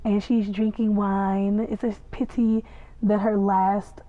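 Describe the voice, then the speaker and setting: A woman's voice: mid-range voice, little pitch movement, slow, dry recording. A woman hosting a podcast, recapping and reacting to a TV episode in a gushing, chatty way with playful asides. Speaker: podcast host reviewing a TV episode. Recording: tinny phone-like sound, dry.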